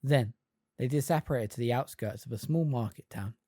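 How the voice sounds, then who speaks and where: A fan reader narrating an audiobook with expressive storytelling. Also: medium pitch, fairly quick, no echo, studio quality. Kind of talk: scripted narration.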